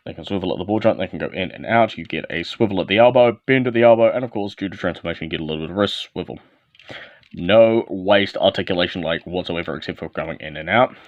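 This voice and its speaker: Speaking fast in a deep voice, a man reviews a toy hands-on, transforming the figure and announcing each short step. The recording is lo-fi, dull and dry, with no room sound.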